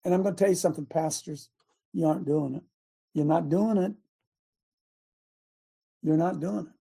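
A man's voice: on the high side, moderate pace, creaky, mellow, slightly rough. A man in his sixties preaching a sermon in a folksy, impassioned way and repeating lines for emphasis. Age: 60s. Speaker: preacher and show host.

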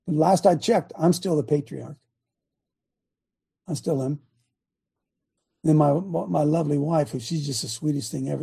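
An older man from Ohio preaching a folksy, blunt sermon, swinging between loud emphatic bursts and quiet asides. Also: fairly high pitch, creaky, husky.

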